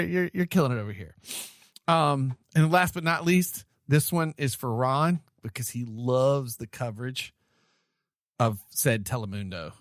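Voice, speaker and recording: A man hosting a casual podcast chat, talking in an animated, rambling way and often correcting himself mid-sentence. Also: medium pitch, a little slow, no room sound, clean studio sound. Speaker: podcast host. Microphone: remote call mic.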